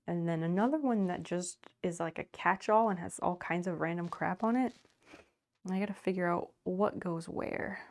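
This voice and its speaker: Her voice is low, gravelly, and a little mellow. Streaming live from a home office, she keeps up easygoing chatter while sorting and working through household tasks, frequently laughing and greeting and thanking her viewers.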